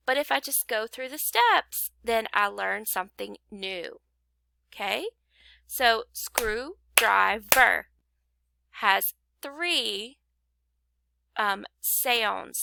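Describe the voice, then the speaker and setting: A woman's voice: fairly high pitch, creaky, bright, forceful tone, no room sound. A woman teaching a phonics lesson, patiently sounding out rhymes and syllables for young learners. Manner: slow, patient, clapping out syllables.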